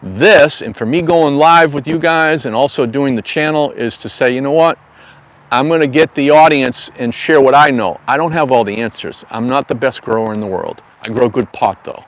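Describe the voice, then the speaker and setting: A man's voice: mid-range voice, normal speed, poor audio. A middle-aged man talks casually on a live stream from an outdoor garden. He rambles through stories with folksy, slangy asides, sounding like an easygoing host chatting with regular viewers. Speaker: cannabis grow channel host.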